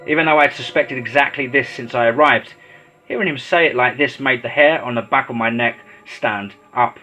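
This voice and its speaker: A man narrating a horror story in a steady, dramatic storytelling voice. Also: medium pitch, fairly quick. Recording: slightly dull lo-fi audio with faint music.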